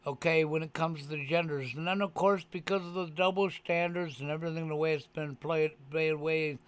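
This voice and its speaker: A man's voice: fairly high pitch, fairly even intonation, a little fast, smooth. A man talking casually on a live stream, emphatic and profane, often pressing his point with "okay". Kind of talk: casual chat.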